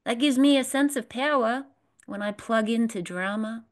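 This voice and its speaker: A woman's voice: on the high side, normal speed. A woman leading a spiritual workshop, talking earnestly to a live audience, repeating phrases and asking them questions. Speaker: workshop leader.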